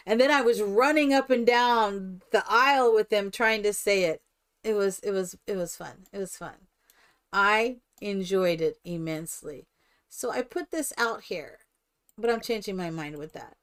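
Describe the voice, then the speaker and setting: Older woman streamer, chatty and smooth-voiced. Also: mid-range voice, normal speed. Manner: chatty, rambling storyteller, animated and laughing. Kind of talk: casual chat while playing a life-simulation game.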